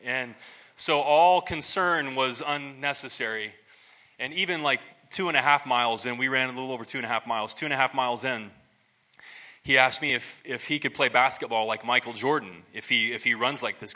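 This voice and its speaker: Bright-voiced man preaching casually. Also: medium pitch. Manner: relaxed storytelling, many restarts and asides; self-deprecating humor. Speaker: pastor. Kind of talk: conversational sermon.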